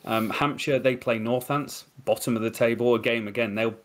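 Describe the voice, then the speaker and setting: A man's voice: mid-range voice, steady tone, moderate pace. Rambling man talking cricket. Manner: rambling, opinionated, tells anecdotes. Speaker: podcast co-host. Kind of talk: casual cricket podcast chat.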